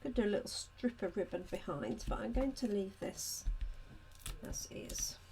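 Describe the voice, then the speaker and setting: A woman's voice: medium pitch, normal speed, dark tone, a little hiss or hum. A woman, hosting a live card-making demonstration, chatting with her viewers by name as she works. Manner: chatty, talks to viewers by name and answers their comments. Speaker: craft demonstrator.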